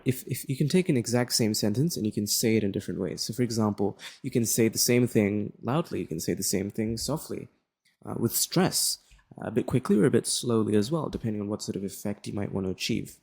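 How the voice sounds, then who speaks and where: A young man, explaining a lesson in a relaxed, casual way and often checking in with "right?". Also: on the low side, creaky, slightly rough. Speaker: tutor.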